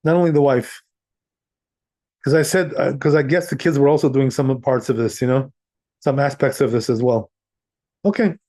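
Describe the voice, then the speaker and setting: A man's voice: medium pitch, moderate pace, long pauses, dark tone. A man teaching Jewish law as a rabbi in a casual class, talking conversationally and chuckling often. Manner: conversational, sprinkles in "right?" and "you know", chuckles often.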